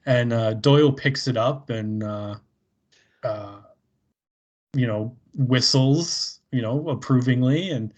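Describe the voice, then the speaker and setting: Slow, rambling male podcast co-host. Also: medium pitch. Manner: rambling, laughs often, many fillers. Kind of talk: casual chat recapping an episode.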